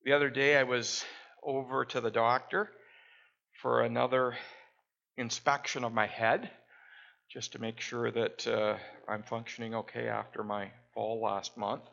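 A man telling small everyday stories in a casual, unhurried way, pausing often with "uh". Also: mid-range voice, gravelly, fairly bright tone, highs cut off. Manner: unhurried, with frequent "uh" pauses. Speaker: storyteller. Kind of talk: casual storytelling.

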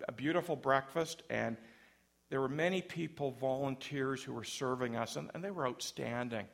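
A man's voice: medium pitch, gravelly, a bit bright. A man preaching a sermon in church, conversational and self-deprecating, with light humor between points. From Canada.

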